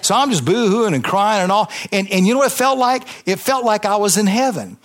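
A man's voice: high voice, lively intonation, a little fast. A man, a pastor giving an impassioned, conversational testimony sermon to a congregation in church, with emphatic repetition.

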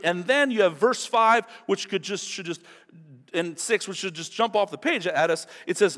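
A male pastor preaching a sermon, animated, acting out quotes in different voices. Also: sits high, moderate pace, long reverb tail.

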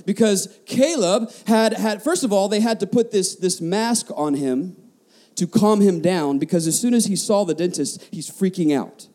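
A man's voice: high-pitched, normal speed, mellow. A man preaching a sermon as a pastor, passionate, often repeating words and asking the congregation questions.

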